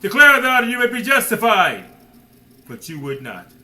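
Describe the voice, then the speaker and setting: A man's voice: high-pitched, sing-song, normal speed, sharp tone, poor audio. A man preaching a sermon emphatically, firing rhetorical questions and addressing listeners directly as man and son.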